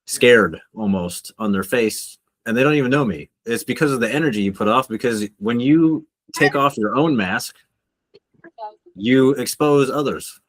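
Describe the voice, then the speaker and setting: A man's voice: mid-range voice, normal speed, no echo. Reflective man on a podcast. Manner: reflective, spiritual talk with restarts. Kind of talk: casual podcast chat.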